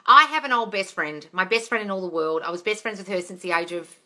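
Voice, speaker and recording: Woman in her 40s ranting live on her phone, bright voice, swears a lot and shouts at viewers. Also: medium pitch, lively intonation, quick pace. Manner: exasperated, shouts and swears often. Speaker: manifesting coach answering live questions. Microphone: phone livestream.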